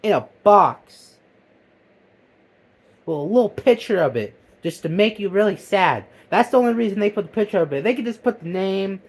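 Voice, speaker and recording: A man rants in a comic monologue, his voice sitting a little higher than usual. He curses freely and lurches from loud outbursts to low, sullen mutters. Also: lively intonation, normal speed, breathy edge. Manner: profane, heated, swinging between loud outbursts and low mutters. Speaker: vlogger. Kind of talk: comedic ranting monologue.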